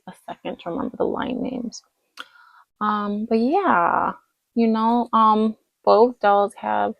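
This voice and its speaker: Woman, casual doll review vlog, rambling and chatty, tired, medium pitch, dry close sound. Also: gravelly, no echo, low-quality recording. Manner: chatty and rambling, lots of fillers and self-corrections. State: tired late at night. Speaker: doll collector vlogger.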